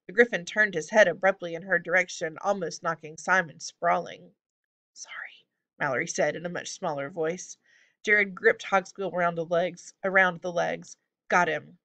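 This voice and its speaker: A woman narrating a storybook aloud with a steady, clear reading. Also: fairly low pitch, normal speed. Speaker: audiobook reader.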